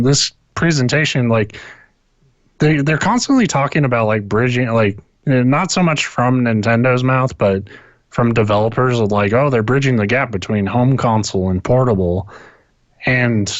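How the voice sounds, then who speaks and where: A medium-pitched man co-hosts a podcast over an internet call, chatting about video games in a rambling, casual way, with frequent swearing and restarted sentences. The audio is dull and has no echo.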